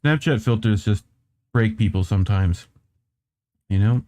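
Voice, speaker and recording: A man's voice: on the low side, animated, warm tone. A man hosting a casual chat show, reacting to funny videos, swearing a lot and laughing often. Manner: swears constantly, laughs often, slow drawl. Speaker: podcast host.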